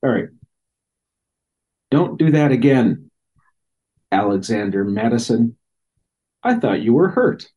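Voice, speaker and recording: Man, upper midwest accent, mellow dark voice, wry mock-defensive banter. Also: medium pitch, very animated, slow pace, pauses often, slightly rough. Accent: Upper Midwest American. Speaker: poetry segment guest. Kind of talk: casual podcast banter.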